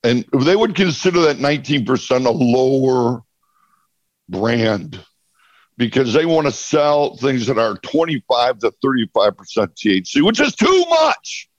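A man talking as a podcast guest in casual chat, animated and laughing often, acting out bits of dialogue. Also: mid-range voice, a little slow, dry recording, highs cut off. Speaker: interview guest.

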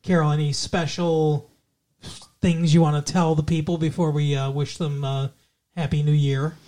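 A man's voice: on the high side, little pitch movement, normal speed, dark tone. A man hosting a podcast, chatting casually and playfully with his co-host and joking around. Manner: jokey, playful, repeats intros in a mock radio-DJ voice.

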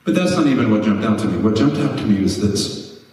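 A man's voice: lowish voice, lively intonation, brisk, dark tone. A man preaching a sermon as a pastor, impassioned and building to emphatic peaks. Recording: echoey hall, mic far off.

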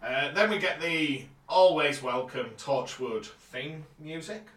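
A man co-hosting a podcast, calmly recapping the plot of a TV episode. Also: on the high side, takes it slowly. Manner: relaxed, summarizing plot steadily. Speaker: podcast co-host. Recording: roomy, distant mic.

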